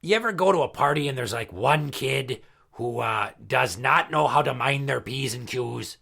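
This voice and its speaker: A man's voice: mid-range voice, animated, moderate pace, creaky, sharp tone, heavily acted. A man voicing a crude, boastful male pirate party entertainer who tells profane stories in a comedy podcast skit. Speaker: regular character.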